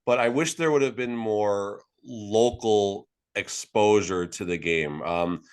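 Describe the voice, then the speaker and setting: A man's voice: on the low side, slow pace, smooth. A man co-hosting a sports podcast, talking in a rambling, joking, conversational way. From Las Vegas. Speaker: podcast co-host. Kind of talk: casual sports podcast chat.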